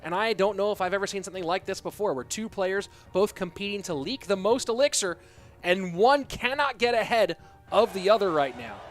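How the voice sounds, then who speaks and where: A young man casting a live esports match, joking around and answering viewer questions between plays. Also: high voice. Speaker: esports caster. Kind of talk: live game commentary and reading chat.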